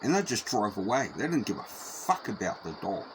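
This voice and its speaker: A man's voice: lowish voice, big pitch swings, a little fast. A man telling a story in a rambling, profane, repetitive way. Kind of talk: casual spoken anecdote. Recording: noisy background.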